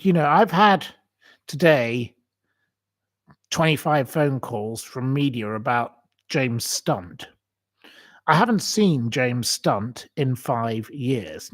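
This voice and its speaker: Slow, indignant ranting man. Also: mid-range voice. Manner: indignant, ranting, repeats himself. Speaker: live-stream host reading viewer comments. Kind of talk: emotional live-stream rant.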